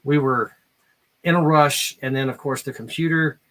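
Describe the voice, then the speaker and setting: A man co-hosting a live stream beside his wife, chatting in a halting, filler-heavy way. His voice is mid-pitched and easygoing. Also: fairly even intonation, a bit bright. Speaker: co-host, husband. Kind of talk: casual live stream chat.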